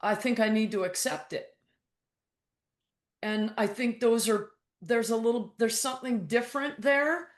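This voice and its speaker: A woman's voice: fairly high pitch, measured pace, reverberant. A woman guest coach speaking frankly and bluntly in a casual interview, acting out her own thoughts in quotes and swearing now and then. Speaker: guest, mental toughness coach.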